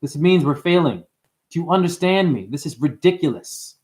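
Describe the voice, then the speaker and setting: A man ranting to his chat on a livestream, swearing a lot and rambling, swinging from loud outbursts to low muttering. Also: normal speed. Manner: profane, rambling, excitable, swings between shouting and muttering. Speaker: live streamer. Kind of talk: unscripted livestream rant to chat.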